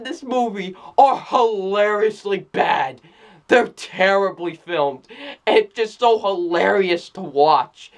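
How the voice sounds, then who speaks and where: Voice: medium pitch, slow. A film reviewer in a casual spoken review who keeps exclaiming, repeats phrases, restarts sentences and often breaks into laughter. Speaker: movie reviewer.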